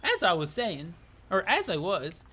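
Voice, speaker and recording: Smug, silky game narrator, teasing and theatrical, high and lively, as a streamer puts him on. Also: male voice, measured pace, husky, full character voice. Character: smug, well-spoken male game narrator. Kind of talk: reading a game narrator aloud.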